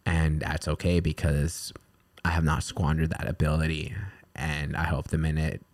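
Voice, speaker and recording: Deep-voiced blunt profane man. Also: normal speed, dry recording. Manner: blunt, profane, animated when quoting himself. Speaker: podcast co-host. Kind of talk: casual chat. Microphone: podcast microphone.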